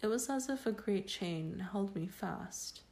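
A woman narrates an old first-person tale in a slow, measured way. Her voice is mellow and dark, with a solemn, dramatic reading pace. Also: mid-range voice, lively intonation. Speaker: reader.

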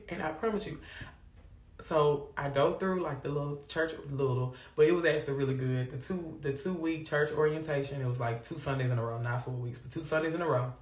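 Lively woman hosting a faith talk. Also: deep voice, brisk. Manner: animated, preachy Southern-flavored vernacular. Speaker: host of a faith livestream. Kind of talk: casual faith talk to viewers. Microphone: phone or webcam on a live stream. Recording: echoey room.

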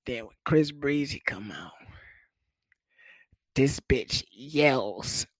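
Animated, profane young man telling a story. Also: very slow, dry recording. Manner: profane, animated, jumps into high-pitched voices for quoted people. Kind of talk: casual storytelling monologue.

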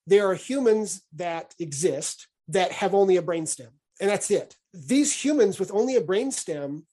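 A man's voice: sits high, a little mellow. A man hosting a podcast, explaining ideas in a casual discussion and often restarting and repeating words as he thinks aloud. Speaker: podcast host.

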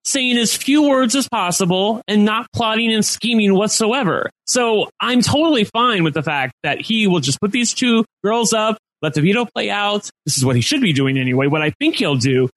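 High-voiced chatty man with upspeak. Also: lively intonation, moderate pace, few pauses, fairly bright tone, low-quality recording. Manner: upspeak, rising at sentence ends; chatty, leans on filler "like". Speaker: podcast host. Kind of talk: casual podcast discussion.

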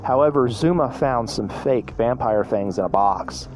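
A man's voice: medium pitch, unhurried, darkish tone. Man, storyteller, plain reading, restarts, faint music behind. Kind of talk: reading a fan story aloud.

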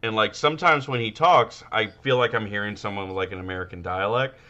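A man's voice: fairly low pitch, fairly quick, pushed and bright, highs cut off. A man co-hosting a podcast, trading profane jokes in casual chat and often laughing. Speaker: podcast co-host.

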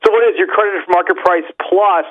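A man's voice: sits high, fast, muffled recording. A man co-hosting a podcast from home, teasing the others in a wry, casual way. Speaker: podcast co-host. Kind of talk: casual chat. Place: at home, not in his usual soundproof room.

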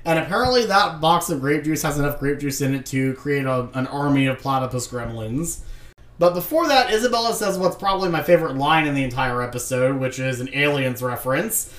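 A man co-hosting a podcast, animatedly retelling cartoon plots in casual chat. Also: medium pitch. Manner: animated retelling, puts on quick voices. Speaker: podcast co-host.

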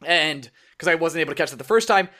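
Young male podcast co-host, high-pitched and swooping, animated casual storyteller. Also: fast talker. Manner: animated storytelling with quoted voices. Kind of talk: casual chat.

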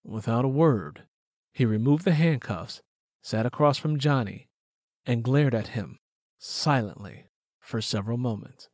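Man, audiobook narration, slow, measured, dry studio sound. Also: medium pitch, dry recording. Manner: measured, even storytelling. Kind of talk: scripted narration.

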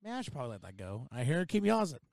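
A man's voice: medium pitch, very animated, racing, gravelly, darkish tone, dry recording, studio quality. A man chatting casually as a podcast co-host outdoors, laid-back and profane, laughing often. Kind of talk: casual chat.

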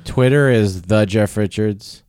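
A man's voice: lowish voice, measured pace, a little mellow, clean tone, no echo. A man who is a comedian guest, chatting casually on a podcast and plugging his shows with dry, offhand jokes.

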